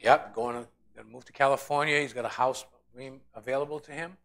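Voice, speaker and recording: In a casual, sermon-like Bible study, a man narrates stories with animation and performs the voices of the people involved. His mid-range voice is a bit bright, fairly quick, and fairly even in intonation.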